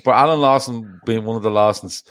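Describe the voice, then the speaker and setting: A man's voice: fairly low pitch, a little fast, fairly bright tone, dry recording. A man hosting a casual podcast chat, cutting in eagerly and laughing. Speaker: podcast host.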